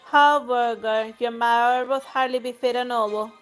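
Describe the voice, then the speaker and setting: A charming, pretentious lady traveler flatters with false politeness, read aloud by a woman. Her tone is a bit high, and light music drifts faintly behind. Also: unhurried, lightly acted. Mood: sly. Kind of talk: reading game dialogue aloud.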